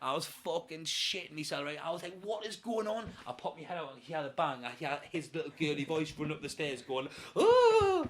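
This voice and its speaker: Brief: young man, fast, animated storyteller, slightly high voice, faint hiss. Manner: animated, acts out voices in anecdotes, swears freely. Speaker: podcast guest. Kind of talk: casual storytelling chat.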